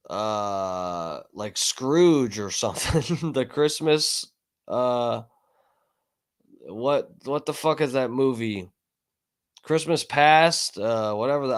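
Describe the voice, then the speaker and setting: A man reacts live on stream in slow, rambling commentary full of swearing and hesitations. His voice is smooth and clear at a medium pitch.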